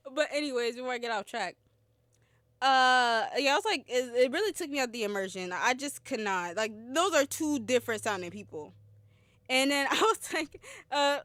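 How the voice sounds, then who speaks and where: A woman's voice: high voice, animated, normal speed, fairly bright tone, dry recording. A young woman with a slightly sore throat hosts a podcast, chatting casually and giggling through a rambling film review. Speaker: podcast host.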